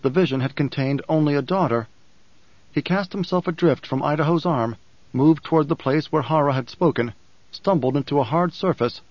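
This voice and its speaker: A male audiobook narrator reading in a measured, solemn manner. His voice sits a little higher than most men's. The recording is dry and slightly dull, with a lo-fi feel. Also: dry recording. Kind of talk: scripted narration.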